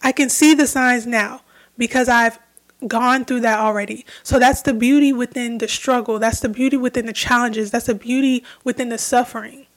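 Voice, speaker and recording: Her voice sits a little high, with a steady tone and moderate pace, as the young adult host reflects earnestly on her solo spiritual podcast. She repeats phrases for emphasis.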